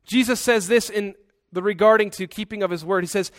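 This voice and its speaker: A male pastor preaching a sermon with earnest, conversational asides. His voice sits fairly high, and the sound is dry and close to the mic. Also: brisk, hardly any pauses, dry recording.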